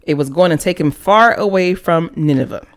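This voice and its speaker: A woman's voice: on the low side, normal speed. A woman co-hosting a podcast in casual chat, reading a passage aloud and then riffing on it playfully. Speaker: podcast co-host.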